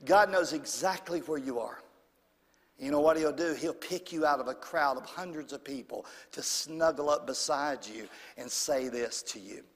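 A man preaching a sermon in church, swinging from loud and high to hushed and low. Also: normal speed, big-room sound. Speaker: pastor.

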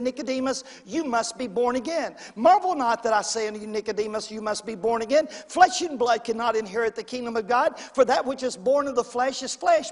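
A man preaching a sermon as pastor, calling for amens and rising into emphatic bursts. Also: extremely high pitch. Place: church sanctuary. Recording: echoey church hall.

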